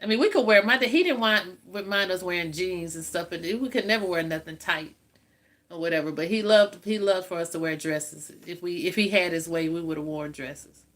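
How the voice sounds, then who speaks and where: A woman in her 50s hosts a livestream from home, chatting casually with viewers and laughing often. Her voice is fairly low and rather bright, and she talks briskly.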